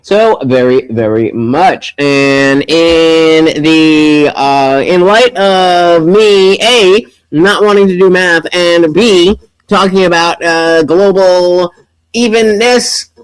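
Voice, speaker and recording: A man hosting a livestream, reacting to a debate with mocking, profane commentary that swings from low muttering to loud outbursts. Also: takes it slowly, clear, resonant tone, no echo.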